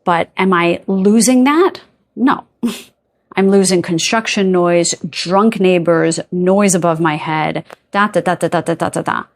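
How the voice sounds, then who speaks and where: A woman's voice: on the low side, measured pace. A woman giving a casual pick-a-card tarot reading, chatty and rambling, often checking in with "okay?" and "right?". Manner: rambling with playful filler sounds.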